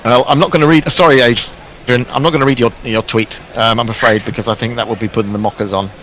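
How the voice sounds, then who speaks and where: A man's voice: medium pitch, steady tone, quick pace, a bit bright, a little hiss or hum, rough recording. A man co-commentating on cricket in a chatty, self-deprecating way, reading out listener messages.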